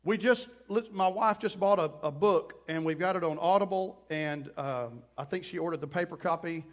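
A pastor delivers a sermon with a fairly high-pitched voice for a man. He preaches with passion, sometimes rising into loud pleading prayer and acting out quoted voices along the way. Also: moderate pace.

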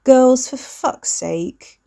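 A woman's voice: sits high, expressive, drawn-out words, creaky, warm tone, voice pushed up, heavily acted. A woman reading a cornered sweary young man. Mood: fed up. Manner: stumbling, sweary outbursts.

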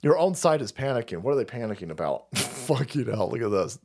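A man hosting a stream, delivering a loud, profane, mocking political rant. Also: medium pitch, sing-song, fast talker. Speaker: streamer host. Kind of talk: ranting political commentary stream.

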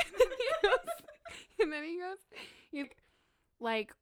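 A woman's voice: very high-pitched, takes it slowly, noisy background. A young woman chatting casually and telling a story with lots of acted-out quotes. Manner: animated storyteller, acts out quotes. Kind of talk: casual chat.

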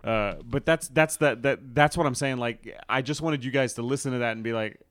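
A man's voice: mid-range voice, fairly quick, fairly bright tone, no room sound, clean studio sound. A man hosting a podcast in casual chat, rambling and swearing with frequent restarts. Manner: rambling, profane, many restarts. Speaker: podcast host.

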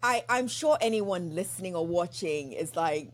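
A woman's voice: on the low side, lively intonation, normal speed. A woman hosting a podcast interview in casual chat, emotional and repeating herself as she talks. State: crying. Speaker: podcast host.

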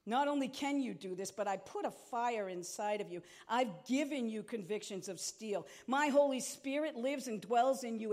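A woman's voice: fairly high pitch, animated, moderate pace, hardly any pauses, a little mellow. A middle-aged woman pastor preaching a sermon in an impassioned, conversational way.

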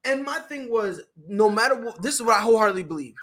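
Young woman host, high voice, animated and slangy, noisy home recording. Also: fast talker. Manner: animated storyteller, slangy, full of restarts and "right?". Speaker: podcast host. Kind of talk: casual sports chat.

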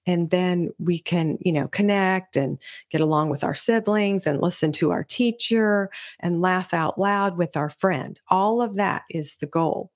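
A woman's voice: fairly low pitch, measured pace. A middle-aged woman hosting a podcast, explaining child behavior to parents in an earnest, teaching way, sometimes acting out a parent's or a child's words. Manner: earnest, explanatory, acts out parents' and kids' voices. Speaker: podcast host, children's sensory specialist. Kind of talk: solo podcast talk.

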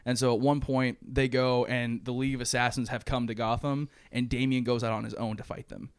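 Young male co-host, lively plot recap, clean dry voice, acts out every line. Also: mid-range voice, brisk, clear, resonant tone, dry recording. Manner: animated storytelling, acting out characters' lines, frequent swearing and laughs. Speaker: podcast co-host. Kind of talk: casual chat retelling a movie plot.

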